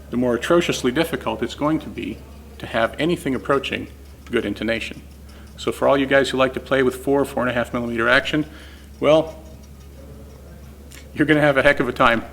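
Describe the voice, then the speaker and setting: A man's voice: mid-range voice, gravelly, fairly bright tone, a little hiss or hum. A man teaching guitar setup in a casual, step-by-step way while demonstrating on an instrument. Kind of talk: informal technical explanation.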